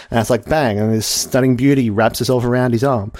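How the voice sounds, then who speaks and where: A man's voice: mid-range voice, level tone, fast talker, hardly any pauses, a little mellow, no echo, clean studio sound. Rambling giggly man telling a joke. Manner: rambling, giggly, lots of fillers and asides. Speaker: podcast co-host. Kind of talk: casual comedic chat, retelling a joke.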